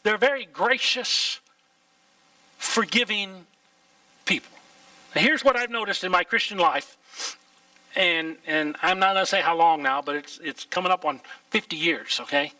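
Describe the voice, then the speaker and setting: An older male pastor from Oklahoma, USA, preaches a folksy, plain-spoken sermon in a church sanctuary, full of rhetorical questions. His high, sharp voice moves at a measured pace with frequent pauses. The audio is poor, with no room sound, and he's far from the mic.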